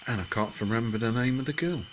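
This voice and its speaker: A man telling a rambling comic bedtime story, full of halting restarts. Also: mid-range voice, background noise.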